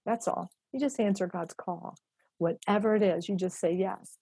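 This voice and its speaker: A woman in her fifties, a guest and executive director, telling a heartfelt story in an animated, emphatic way that often repeats itself. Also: medium pitch, moderate pace, creaky, slightly rough, dry recording.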